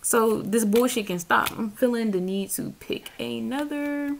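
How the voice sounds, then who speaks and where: A woman's voice: a little high, measured pace, gravelly, a little hiss or hum. A woman reading tarot in a casual, profane chat to camera, laughing often as she talks. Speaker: tarot reader. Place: seated indoors on a squeaky chair.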